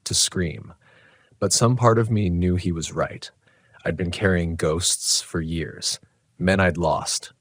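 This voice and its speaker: A man telling a first-person horror story in a tense, dramatic, measured way. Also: low voice, no echo. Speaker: narrator.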